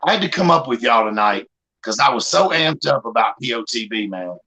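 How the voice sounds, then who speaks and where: A man's voice: medium pitch, expressive, fairly quick, bright, forceful tone, low-quality recording. A man with a Southern accent chatting casually on a group livestream, rambling and folksy, swearing freely.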